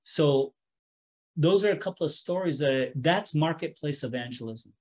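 A man's voice: a little high, normal speed, a little mellow, low-quality recording. Man telling a story as a rabbi. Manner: conversational, self-correcting, with chuckles. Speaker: Messianic rabbi teaching a Bible study. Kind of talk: storytelling sermon.

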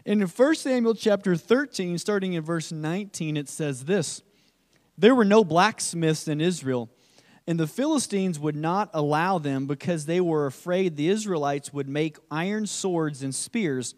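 High-voiced male pastor preaching in a hall. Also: animated, a little slow, darkish tone. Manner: preaching, voicing the taunts of a giant. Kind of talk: sermon.

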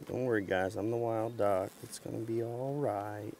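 A man vlogging outdoors as he works a beehive, talking to the camera in an excited, folksy way. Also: on the low side, moderate pace, few pauses, slight background noise. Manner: excited, folksy, talks to camera while handling hives. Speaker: beekeeper vlogger. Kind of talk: casual outdoor narration while working. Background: buzzing bees.

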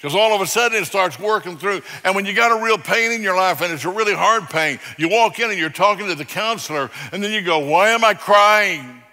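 A man preaching a sermon with a bright, forceful voice that sits a little high. He is emphatic, swinging from loud declarations to quiet, low passages. The sound carries a long reverb from a church hall. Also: fast talker, few pauses. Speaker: pastor. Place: church sanctuary.

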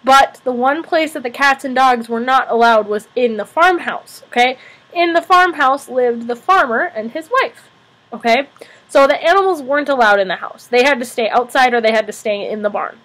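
A woman music teacher telling a children's story in a gentle, expressive way, checking in with her young listeners. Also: a little high, moderate pace.

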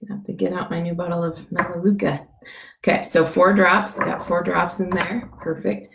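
A woman with a scratchy, gravelly voice, giving a chatty how-to demonstration, rambling with many fillers and restarts. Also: fairly low pitch, level tone, normal speed, reverberant. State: scratchy voice from a cough. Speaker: essential oil demonstrator.

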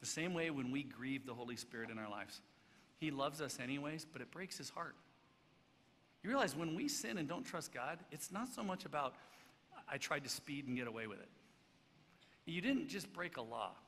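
Animated gravelly-voiced male pastor. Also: a little high, normal speed. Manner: animated, swings from loud emphatic to hushed and soft. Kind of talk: sermon. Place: church sanctuary. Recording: church hall reverb, faint background noise.

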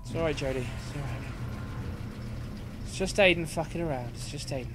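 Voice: medium pitch, a little fast, long pauses, background noise. A gaming streamer with a British accent, giving sweary, jumpy, chatty commentary over a game. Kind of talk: let's play commentary.

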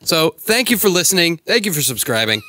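Bright-voiced, joking podcast host. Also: male voice, a little high, very animated, fairly quick. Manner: loose, joking, laughs between lines. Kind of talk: casual podcast chat.

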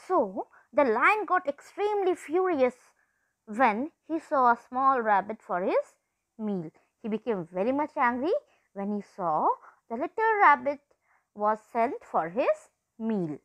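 A woman teacher reading a story aloud and explaining it to students, with animated storytelling. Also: fairly high pitch, measured pace, no room sound, poor audio. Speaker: English teacher.

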